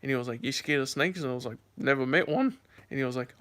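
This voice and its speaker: A man's voice: quick pace, fairly bright tone. A young man chatting casually to camera, rambling through stories with lots of fillers. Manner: voice jumps high and squeaky when acting out scares. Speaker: vlogger.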